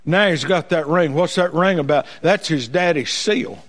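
A man's voice: fairly high pitch, moderate pace, fairly bright tone. A man preaching a sermon in a folksy cadence that climbs into impassioned, ringing peaks.

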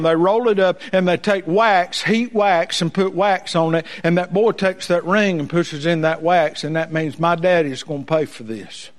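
A man preaching a sermon in a folksy cadence that climbs into impassioned, ringing peaks. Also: sits high.

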